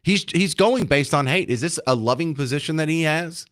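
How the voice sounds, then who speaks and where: A man's voice: on the high side, lively intonation, normal speed, a bit bright. A man hosting a talk radio show from a studio mic, mocking and sarcastic.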